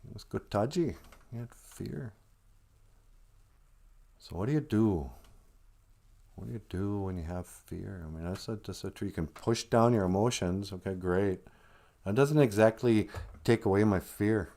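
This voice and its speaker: A man's voice: fairly low pitch, moderate pace, gravelly, dark tone. A man hosting a livestream, talking in a casual, rambling monologue and joking and laughing often. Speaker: livestream host.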